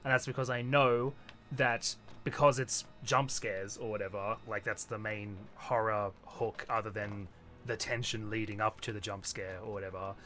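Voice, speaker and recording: A man streaming a game and chatting casually, quick to laugh, rambling from topic to topic. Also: lowish voice. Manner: animated, laughs often, loose rambling talk. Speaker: streamer and co-host. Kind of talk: casual chat while gaming. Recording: faint game music behind.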